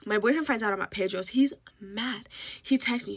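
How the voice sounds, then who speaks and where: A woman's voice: mid-range voice, moderate pace, no room sound. A woman telling a casual storytime, rambling with lots of fillers and acting out what people said. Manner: rambling, filler-heavy, acts out quotes.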